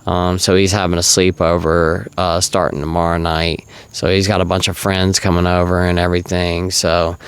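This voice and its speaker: Deep, smooth-voiced man rambling earnestly. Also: flat delivery, normal speed, few pauses, dry recording. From South Carolina. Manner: rambling, earnest, filler-heavy. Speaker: recovery vlogger. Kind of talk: casual monologue to camera.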